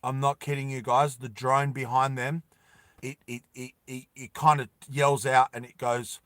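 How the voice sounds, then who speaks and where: A man's voice: medium pitch, level tone, fairly bright tone, no room sound. A man telling a story casually to his viewers, with many fillers. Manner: slow, with fillers, addresses viewers.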